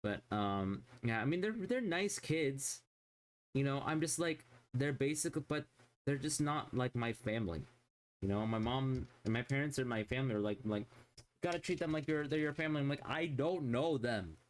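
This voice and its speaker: A man's voice: medium pitch, animated, normal speed. Ranting, profane male streamer. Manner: rambling, swears constantly, exasperated ranting. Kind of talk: casual livestream chat.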